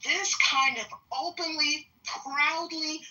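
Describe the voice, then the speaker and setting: Woman panelist, high animated voice, bright, probing and halting, a little off-mic. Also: recorded from a distance, poor audio. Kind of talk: casual panel talk.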